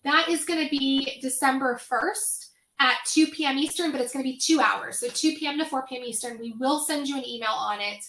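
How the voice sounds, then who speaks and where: A high, bright woman's voice talks through an online finance workshop in a chatty way, full of fillers and quick asides. Her voice is wearing thin from a long session. She sounds like she is in a roomy space with echo. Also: slight background noise. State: voice getting tired. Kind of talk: casual online workshop talk.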